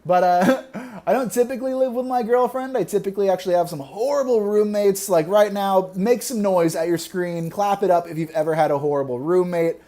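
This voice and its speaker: A young man performing a stand-up comedy set, delivering deadpan one-liners and laughing at his own jokes. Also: high voice, brisk.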